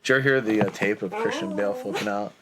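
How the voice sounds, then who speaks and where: A man's voice: fairly low pitch, very fast, a loud crowd. A man co-hosting a podcast, reading out movie trivia in a casual, chatty way. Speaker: podcast co-host.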